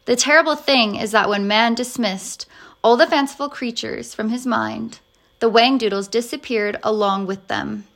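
A woman narrating a storybook aloud in a measured, expressive way. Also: a little high.

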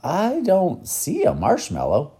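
A man's voice: on the high side, wildly swooping pitch, slow pace, dark tone, slightly rough, pitched above the performer's own voice, exaggerated voice. A man voicing a plain, matter-of-fact young boy in a storybook reading.

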